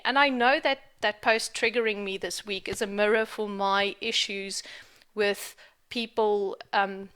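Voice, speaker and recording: Bright, frank woman ranting on a vlog. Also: medium pitch, steady tone, a little slow, clean tone. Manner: frank, swears freely; emphatic, repeats for stress. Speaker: spiritual vlogger. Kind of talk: candid vlog rant.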